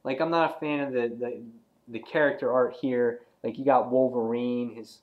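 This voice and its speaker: A man giving a casual, excitable comic book review, rambling with lots of "he's like" asides. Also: mid-range voice, normal speed, phone-quality sound.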